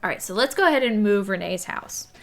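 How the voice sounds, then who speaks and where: A young woman talks through a video game session in a casual, think-aloud way. She counts under her breath, second-guesses herself and says sorry often, with a voice of middling pitch. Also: expressive, fast. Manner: thinks aloud, counts tiles, apologetic and chatty. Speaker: gaming YouTuber. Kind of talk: casual let's-play commentary.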